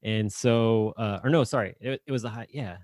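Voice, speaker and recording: A man's voice: lowish voice, moderate pace, darkish tone, no room sound, studio quality. A man from Northern Indiana, co-hosting a podcast in easygoing casual chat, laughing often and using many fillers. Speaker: podcast co-host.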